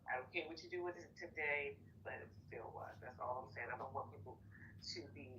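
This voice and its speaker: An insistent woman argues her point with frequent ums and restarts. Her voice is bright and forceful, on slightly dull audio with faint noise underneath. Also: extremely low pitch, a little fast. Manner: hesitant, filler-heavy, insistent. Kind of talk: panel debate.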